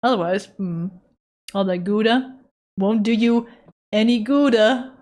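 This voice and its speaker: A woman's voice: a little high, unhurried, a little mellow. Playful joking woman streaming her drawing. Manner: playful, joking, swears freely, talks to chat. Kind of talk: casual live-stream chat.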